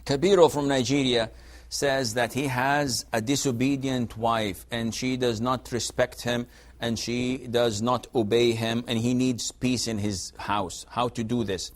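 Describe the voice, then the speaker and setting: A man's voice: medium pitch, unhurried. A man answering viewers' religious questions on a call-in TV show, speaking emphatically and acting out quoted exchanges. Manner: lively, emphatic, acts out quoted dialogue.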